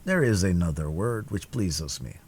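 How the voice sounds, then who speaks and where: A man playing a calm, dignified musketeer in a storybook reading, low and husky. He speaks in a quiet, measured way. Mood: approving. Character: older male musketeer, calm, dignified, wounded.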